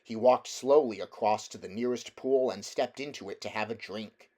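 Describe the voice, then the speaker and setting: A man reading a children's fantasy novel aloud in a steady, measured storytelling manner. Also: on the low side. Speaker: audiobook reader.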